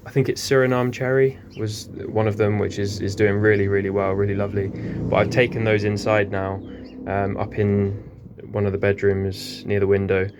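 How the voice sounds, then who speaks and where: Male gardener, low-pitched, chatty and hesitant, casual greenhouse walk-through. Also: little pitch movement, moderate pace, hardly any pauses, noisy background. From England. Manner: rambling, many ums, self-correcting. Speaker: gardening vlogger. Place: small greenhouse.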